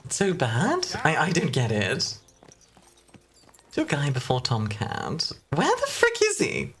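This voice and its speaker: Playful low-voiced woman streamer. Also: huge pitch swings, slow pace, a bit bright, slight background noise. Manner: playful and self-mocking, bursts of laughter. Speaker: streamer playing a game. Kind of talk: casual live-stream chat.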